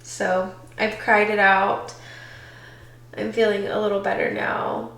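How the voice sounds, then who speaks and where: A young woman vlogging from her apartment, talking softly and haltingly, tearful and reflective, with many pauses. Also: mid-range voice, level tone. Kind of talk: emotional personal vlog. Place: apartment bedroom, indoors.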